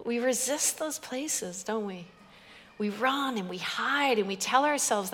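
A woman's voice: a little high, animated, measured pace, a bit bright, long reverb tail. A woman preacher giving an emphatic sermon, building it with repeated phrases and humorous stories. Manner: emphatic, repetitive, storytelling with humor.

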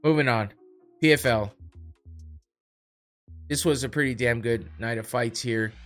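A man's voice: medium pitch, a little slow, fairly bright tone. A man hosts a casual combat-sports podcast and rambles through the news. He swears freely and laughs at the people he talks about. Faint music sits under his voice. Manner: profane, laughing, mocking. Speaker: podcast host.

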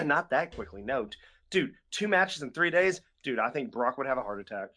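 This young podcast co-host has a mid-range voice that sounds expressive, pushed, and bright, delivered at normal speed. He chats casually and rambles, frequently using fillers and restarting.

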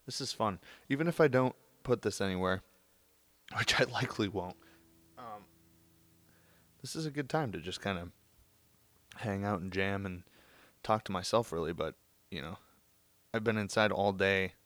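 A man's voice: on the low side, moderate pace, long pauses, a bit bright, dry recording. A young man alone at home, rambling and joking through a casual solo podcast. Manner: rambling, joking, self-mocking. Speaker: podcast host.

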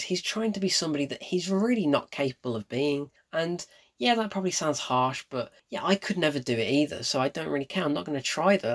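A man giving a casual, opinionated film review, blunt and emphatic, repeating his points for effect. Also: a little high.

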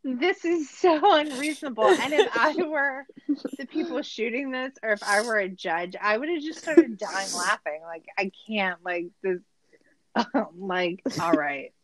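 A woman's voice: mid-range voice, expressive, measured pace, crowd noise, poor audio. A woman hosting a casual podcast, recapping a show in a laughing, incredulous way, with lots of "like". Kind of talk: casual chat.

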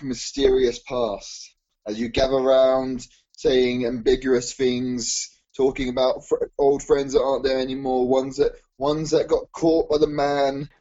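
A man's voice: mid-range voice, mellow. A man co-hosting a comedy podcast, riffing playfully and improvising absurd bits in casual banter. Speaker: podcast co-host. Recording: dull lo-fi recording.

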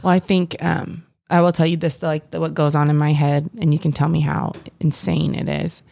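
A woman's voice: low voice, flat delivery, normal speed, creaky, dark tone, dry recording, clean studio sound. A young adult woman co-hosting a casual faith podcast, earnest and rambling with frequent restarts. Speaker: podcast co-host.

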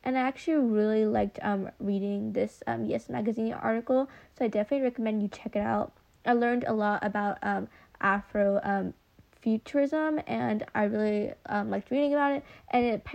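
A woman's voice: mid-range voice, vocal fry, a little mellow, highs cut off. A young woman hosting a casual book podcast, talking with a slight lisp from retainers and many filler words. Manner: chatty, many ums and likes. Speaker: podcast host.

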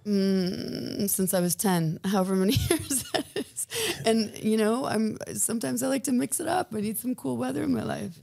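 A woman's voice: fairly high pitch, lively intonation, moderate pace, creaky, hardly any pauses, warm tone. A woman from Minnesota in her forties, a guest chatting bubbly and laughing often on a podcast. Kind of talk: casual podcast chat.

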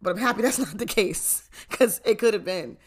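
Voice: medium pitch, lively intonation, moderate pace. A young adult telling a casual storytime to camera, chatty, full of fillers, often laughing and swearing. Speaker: storytime vlogger.

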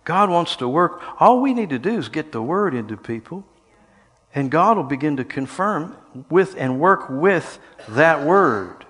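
An older man preaching a sermon, telling stories and swinging between quiet passages and loud, shouted lines. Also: on the high side, sing-song, unhurried, breathy edge. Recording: long hall reverb.

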